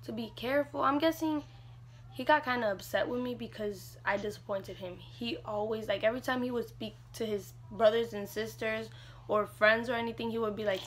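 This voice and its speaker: A woman's voice: on the high side, fairly even intonation, normal speed, a bit bright, a little hiss or hum. A young woman vlogger casually telling a personal story, chatty and leaning on "like" a lot. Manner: chatty, fills with "like" often.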